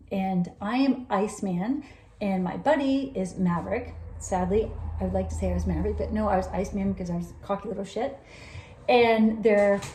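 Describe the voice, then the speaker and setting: A woman telling a personal story in a casual, rambling way, laughing often and acting out what people said. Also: mid-range voice. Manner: animated, rambling, laughs often, acts out quoted dialogue. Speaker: vlogger recounting a personal experience. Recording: roomy echo.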